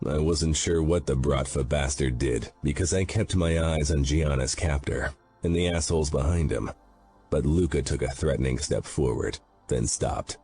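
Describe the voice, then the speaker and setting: A man's voice: a bass voice, normal speed, mellow. A man reading a romance audiobook aloud, narrating in first person with a grim, brooding delivery. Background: faint background music.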